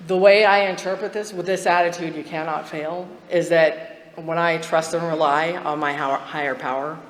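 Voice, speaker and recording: A woman's voice: low-pitched, fairly even intonation, moderate pace. A woman speaking at a recovery meeting, sharing her story candidly with frequent laughs. Her voice rings through a large, echoey hall with long reverb. A faint hum of background noise sits underneath her. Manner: candid, chatty, laughs often, restarts sentences. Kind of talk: personal testimony at a twelve-step meeting.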